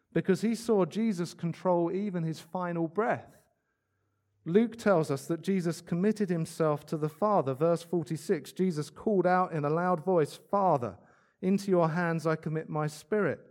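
A man preaching a sermon, earnest, slowing down to stress key words and adding light asides. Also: on the high side, darkish tone.

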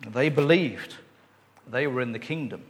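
A man preaching a sermon and reading scripture, unhurried, with fillers and friendly asides. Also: medium pitch, in a large hall. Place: church.

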